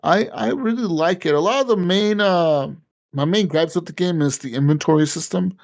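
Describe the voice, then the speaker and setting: A young man on a podcast, telling a video game story in a casual, profane and animated way, acting out the game's dialogue. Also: high-pitched, normal speed, gravelly. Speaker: podcast co-host. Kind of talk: casual gaming chat.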